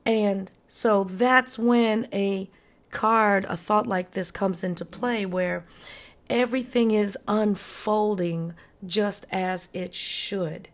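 A woman's voice: medium pitch, steady tone, slow pace. A woman hosting her own show, talking casually and upbeat about life lessons. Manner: upbeat, conversational, acts out quoted friends. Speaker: podcast host. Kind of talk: casual motivational talk.

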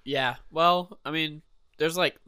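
A man in his thirties co-hosting a casual podcast, telling a story in an unhurried way and laughing easily. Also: a little high, steady tone, pushed and bright, clean tone, no echo. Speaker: podcast co-host. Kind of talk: casual chat.

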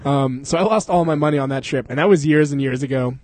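A young man with a somewhat high, slightly husky voice tells rambling stories to his friends. He laughs often and swears freely. The sound is dry and close. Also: fast, darkish tone, dry recording. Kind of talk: casual storytelling among friends.

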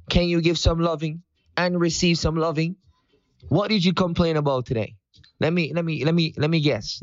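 A man's voice: fairly high pitch, no echo. Upbeat preachy man, dull dry sound. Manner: preachy and upbeat, with sung greetings. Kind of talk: motivational morning talk.

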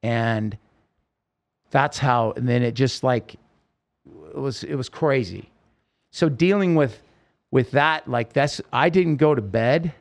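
A man appears as an interview guest and tells a personal story. His medium-pitched speech is halting, full of restarts and self-corrections.

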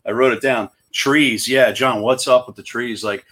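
A man's voice: medium pitch, fairly even intonation, normal speed, a bit bright. A man from Long Island, a guest on a podcast, talking from his office in a chatty, rambling, self-deprecating way. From Long Island, New York. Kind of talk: casual conversation.

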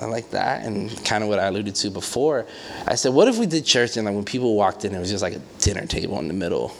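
A pastor with a low-leaning, gravelly voice delivers a conversational sermon at a quick pace. He tells animated stories full of fillers and playful acted-out quotes.

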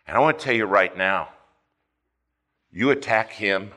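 A man preaching a fervent sermon, swinging between loud emphasis and hushed asides as he tells a story. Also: fairly low pitch, measured pace. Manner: storytelling with quoted dialogue.

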